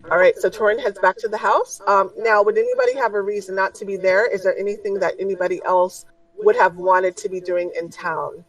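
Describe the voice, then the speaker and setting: A woman's voice: mid-range voice, fairly even intonation, brisk, distant mic, low-quality recording. A woman running a tabletop game as game master, narrating casually with lots of ums and likes. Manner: casual, with many fillers.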